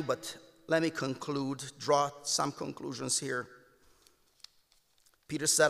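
A man with a Romanian accent preaching a sermon to his congregation, impassioned, calling them "my beloved" and swinging between hushed tones and raised exclamations. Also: a little high, slow, creaky, long pauses. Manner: impassioned, addresses listeners as "my beloved". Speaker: pastor. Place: church sanctuary. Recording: long church hall reverb.

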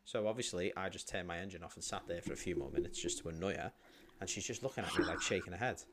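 A man's voice: low voice, quick pace, very noisy. A man co-hosting a podcast in casual chat, ranting and swearing freely. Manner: profane, ranting. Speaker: podcast co-host.

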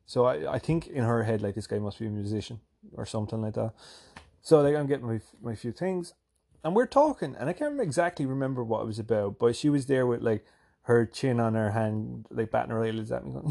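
A man from Ireland with a softened Irish accent, rambling through a casual, profane, self-deprecating vlog monologue. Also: medium pitch, brisk, gravelly. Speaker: vlogger.

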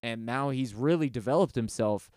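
A man chatting casually on a podcast, rambling and swearing, sometimes mimicking singers in a high mocking voice. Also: moderate pace, a little mellow, no echo, clean studio sound. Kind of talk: casual chat.

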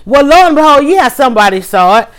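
Woman livestream host, slightly high-pitched, animated and emphatic as she tells her story. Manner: animated, talks fast with restarts and emphatic asides. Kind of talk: casual storytelling to viewers.

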